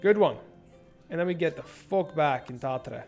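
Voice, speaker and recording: A young man streaming a strategy game, swearing and thinking out loud as he plans and shops. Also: fairly high pitch, moderate pace, vocal fry, soft background music. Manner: profane, rambling, thinks out loud. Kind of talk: casual gameplay livestream commentary.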